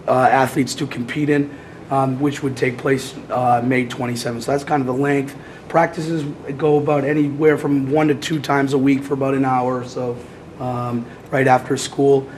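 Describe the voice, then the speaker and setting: A hoarse man with a cold presenting as athletic director at a public meeting, halting with many fillers. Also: medium pitch, level tone, darkish tone, a little hiss or hum, rough recording.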